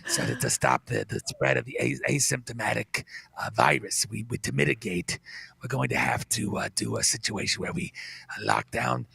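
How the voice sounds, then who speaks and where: A man impersonating an older male health official who speaks in a flat, detached monotone, slow and halting with many hesitations. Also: on the low side, vocal fry, slightly rough, no echo, voice pushed down, full character voice. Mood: flat droning. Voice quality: slow, halting, full of "uh"s, drained of emotion.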